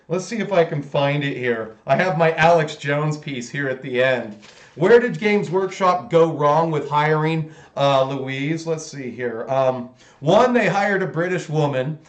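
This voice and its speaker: A man hosting his own hobby channel who rants in an opinionated, sarcastic way and rambles with many fillers. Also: a little high. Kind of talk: casual ranting vlog while painting miniatures. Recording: roomy echo.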